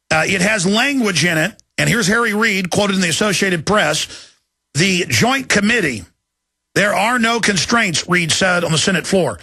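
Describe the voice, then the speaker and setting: A man's voice: high voice, creaky, bright, forceful tone, husky. A middle-aged man hosting a talk radio show, emotional and alarmed as he reads news quotes aloud. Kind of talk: agitated talk radio monologue.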